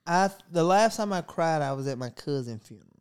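Podcast host, casual chat, lively up-and-down pitch, acts out own thoughts, slangy. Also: fairly quick, clean tone. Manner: animated storyteller acting out own thoughts; joking, slangy.

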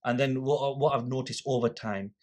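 A man's voice: medium pitch, fairly even intonation, moderate pace, darkish tone. A man, a guest in an interview, animatedly telling a story and acting out the dialogue. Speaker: guest, volunteer litter picker.

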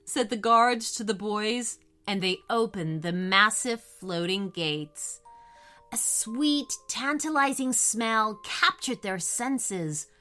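A woman narrating a children's storybook in an expressive, unhurried way. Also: medium pitch.

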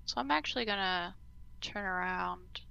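A woman's voice: lowish voice, normal speed, vocal fry, pushed and bright, clear, resonant tone, dull audio. A woman playing a tabletop game with friends, talking casually, swearing freely and laughing between lines. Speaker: player. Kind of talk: casual tabletop role-play.

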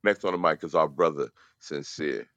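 A man's voice: extremely low pitch, normal speed, fairly bright tone, no echo, lo-fi sound. A man co-hosting a spoken word podcast, chatting casually with slang and jokes. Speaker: podcast co-host. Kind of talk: casual chat.

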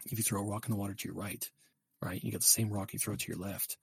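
Gravelly rambling male livestream host. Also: on the low side, quick pace, dry recording. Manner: rambling, profane, animated storytelling. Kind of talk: casual livestream chat.

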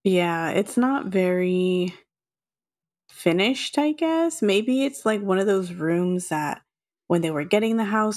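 A woman from Texas co-hosting a podcast, chatting casually with frequent laughs and quick asides. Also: mid-range voice, animated, darkish tone. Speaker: podcast co-host. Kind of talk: casual chat.

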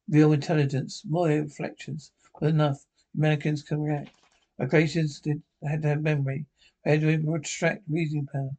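A shy, withdrawn scientist from a 1950s TV drama who speaks calmly and with regret about the android he built. His voice sits a little high and stays fairly flat and even. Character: lonely shy male scientist, creator of an android.

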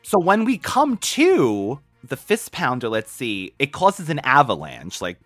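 A man's voice: medium pitch, wildly swooping pitch, unhurried, a bit bright, dry recording, soft background music. A male podcast host in a casual chat who playfully acts out characters' lines.

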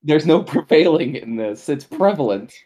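A man's voice: a little high, expressive, normal speed, warm tone, dull audio, a little hiss or hum. A young man co-hosting a podcast, teasing and rambling in casual chat. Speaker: podcast co-host.

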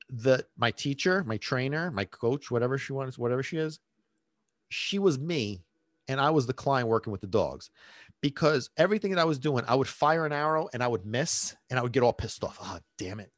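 A man's voice: medium pitch, no echo, clean studio sound. A man, a dog trainer, casually telling a rambling personal story with many restarts and fillers.

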